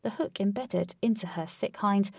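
A woman's voice: medium pitch, moderate pace, creaky, darkish tone, slightly rough, no room sound. Woman narrating a storybook, dry and close.

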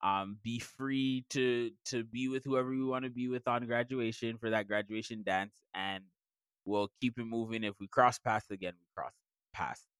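A man's voice: fairly even intonation, moderate pace, clean tone, no room sound, clean studio sound. A young man co-hosting a teacher podcast, telling classroom stories in casual chat. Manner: storytelling, acts out students in a high voice. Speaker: podcast co-host, middle school teacher.

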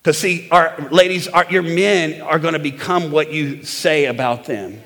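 A man preaching a sermon as a pastor, animated and urging the congregation to say amen. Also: a little high, measured pace, gravelly, big-room sound. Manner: animated preaching, prompting the crowd for amens.

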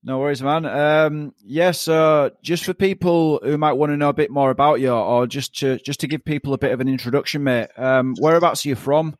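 A man hosting a podcast, friendly and relaxed, often restarting his questions. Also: a little high, fairly quick, hardly any pauses, no room sound, studio quality. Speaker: podcast host. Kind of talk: casual interview.

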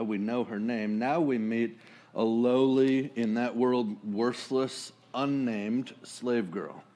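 A man preaching a casual sermon, talking it through conversationally and acting out quotes in a lively way. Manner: conversational, acts out quotes with sudden high jumps and laughs. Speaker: pastor.

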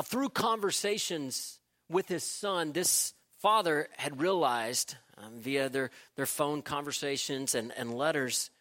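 A man preaching, telling an illustration story in an unhurried way and posing questions to his listeners. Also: fairly high pitch, a bit bright.

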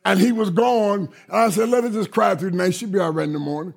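A man's voice: high-pitched, quick pace, creaky. A middle-aged man preaching a sermon, emphatic and repetitive, who keeps asking listeners whether they heard him. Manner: emphatic and repetitive, often checking listeners are following.

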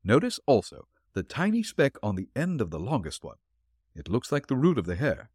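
A man's voice: mid-range voice, wildly swooping pitch, darkish tone, slightly rough, dry recording, pitched above the performer's own voice. A man reading as a dry, shrewd detective. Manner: dry, explanatory, deliberate. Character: shrewd calm male detective, dry and assured.

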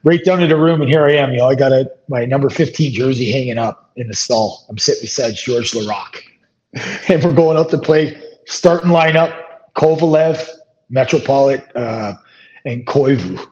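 A middle-aged man spins long stories of his playing days in a relaxed, rambling way, full of fillers and restarts. His voice sits in an ordinary middle range. The audio sounds dull and lo-fi. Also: mid-range voice, normal speed. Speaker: former professional hockey player, guest. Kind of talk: casual storytelling interview.

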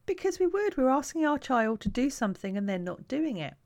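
A woman who coaches parents, talking to camera in a calm, reflective, conversational way. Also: fairly high pitch, a little fast.

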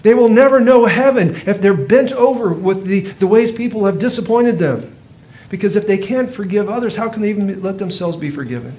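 Man preaching in a relaxed, chatty way. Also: sits high, fairly quick. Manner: conversational teaching with rhetorical questions. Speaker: pastor. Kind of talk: sermon.

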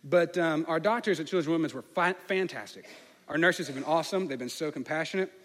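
Fast-talking man in a reverberant hall. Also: on the high side, a bit bright. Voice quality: slight lisp on some words. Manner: candid, storytelling with many fillers. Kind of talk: personal story in a sermon.

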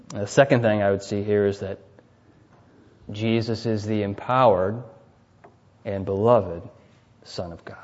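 A man preaching a sermon who keeps checking in with listeners with "right?" and swings from loud emphatic peaks to quiet dropped endings. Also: on the low side, fairly even intonation, a little slow, pauses often. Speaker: pastor. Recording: dull, reverberant hall recording.

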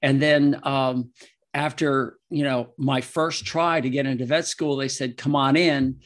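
A man's voice: mid-range voice, steady tone, measured pace. Guy guest in a casual interview, tells long stories, laughs at his own jokes. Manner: laughing, emotional, rambling anecdotes. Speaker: guest, veterinarian and author. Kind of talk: casual interview answers with storytelling.

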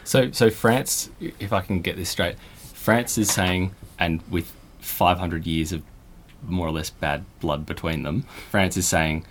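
Deep-voiced man summing up a point. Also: measured pace, a bit bright. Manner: summarizing the guest's point, thinking aloud. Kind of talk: podcast conversation.

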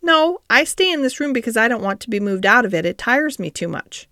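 A woman's voice: a little high, big pitch swings, a little fast, bright, forceful tone, no echo, studio quality, full character voice. A woman voicing a sickly, fretful young boy in an audiobook, anxious and petulant.

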